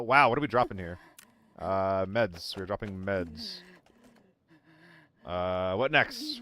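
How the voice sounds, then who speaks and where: In a low, fairly bright voice with an unhurried pace and long pauses, a young male streamer provides casual commentary while playing a shooter alone. He chats with viewers, swears, banters with chat, and hops between topics.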